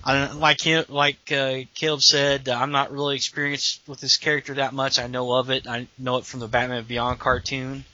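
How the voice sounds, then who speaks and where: A man co-hosting a casual chat, earnest and halting, often restarting sentences. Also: medium pitch, little pitch movement, pushed and bright, no echo. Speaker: podcast co-host. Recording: dull lo-fi sound.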